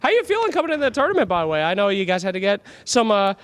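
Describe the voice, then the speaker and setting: A man's voice: high-pitched, wildly swooping pitch, racing, a bit bright, no room sound. A man interviewing players on site in a playful, teasing way, laughing often. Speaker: event interviewer.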